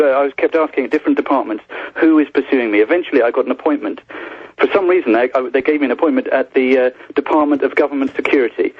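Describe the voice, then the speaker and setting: Fast-talking man on a phone line. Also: mid-range voice, slightly rough, dry recording. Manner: rapid, breathless storytelling with many restarts. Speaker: guest journalist. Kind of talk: phone-in interview storytelling.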